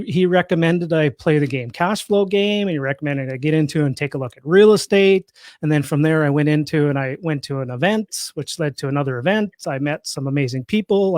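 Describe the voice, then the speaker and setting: His voice is a little high with a darkish tone, captured in a dry, clean studio recording. The speaker is a Canadian-accented real estate investor in his fifties from Saskatchewan, guesting in a casual interview where he chats, jokes and pokes fun at himself.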